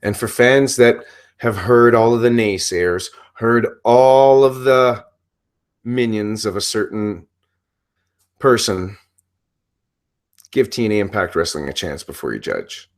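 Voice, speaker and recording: A man's voice: fairly low pitch, takes it slowly, pauses often. A man hosting his own channel as a pro wrestling reporter, giving casual, earnest, emphatic commentary with some profanity.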